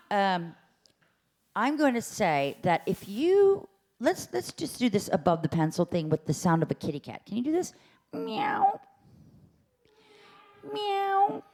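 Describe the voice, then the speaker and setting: A woman's voice: on the low side, darkish tone. A woman voice teacher leading a workshop, chatty and playful, showing sounds by meowing and humming. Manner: demonstrates sounds, meows and hums. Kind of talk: vocal workshop instruction. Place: lecture room at a symposium.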